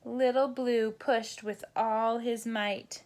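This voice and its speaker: A woman, a teacher, reading a children's bedtime picture book aloud in a gentle sing-song way. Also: mid-range voice, takes it slowly. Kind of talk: children's storybook read-aloud.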